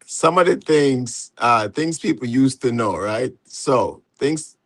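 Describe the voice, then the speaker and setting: A man's voice: medium pitch, lively intonation, fairly bright tone, no room sound. Laid-back Jamaican man hosting. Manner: laid-back, peppered with "you know", quick to laugh. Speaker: host. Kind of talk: casual live panel chat.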